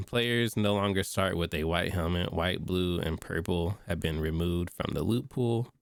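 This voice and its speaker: Low-voiced man, stuffy, slangy streamer. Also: unhurried, creaky, no room sound, clean studio sound. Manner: reads notes aloud, breaks off into slangy reactions. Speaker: streamer reading and reacting to game patch notes. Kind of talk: casual livestream commentary.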